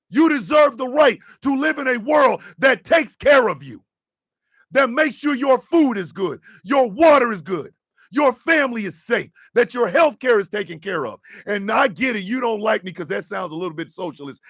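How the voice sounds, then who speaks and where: Impassioned gravelly man ranting on radio. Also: expressive, normal speed, dry recording, studio quality. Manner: swings from low, intense murmur to shouting, profane. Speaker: radio show host. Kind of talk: impassioned on-air rant.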